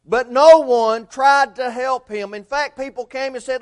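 Man preaching, high-pitched voice, earnest storytelling, loud then hushed. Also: steady tone, a little slow. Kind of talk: sermon.

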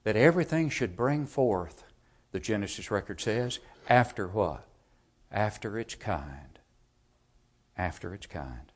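A man's voice: on the low side, expressive, a little slow, long pauses. Emphatic man preaching a sermon. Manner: emphatic, rising to loud storytelling peaks. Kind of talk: sermon with storytelling.

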